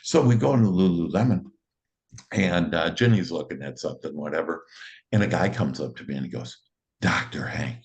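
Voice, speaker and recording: This author and motivational speaker has a low, slightly mellow voice and moves at a brisk clip. He casually shares a happy story, laughing frequently, with a bright, cheerful manner.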